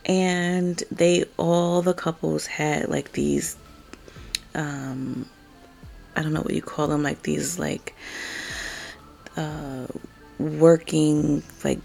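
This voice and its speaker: A woman's voice: low voice, steady tone, extremely slow, creaky, long pauses, darkish tone, faint music behind. A woman giving a chatty, opinionated recap of a reality show, full of filler words and sudden emphatic jumps when she gets worked up. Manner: chatty and opinionated, lots of "like" and "bruh", rising emphatic outbursts. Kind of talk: casual recap commentary.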